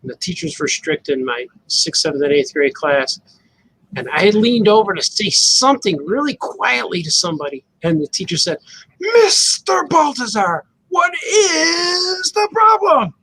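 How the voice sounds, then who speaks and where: A man co-hosting a podcast who recalls old memories in a relaxed, easygoing way and often lets his voice drop at the ends of phrases. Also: fairly high pitch, normal speed, a little hiss or hum, low-quality recording. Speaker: podcast co-host. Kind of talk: casual chat.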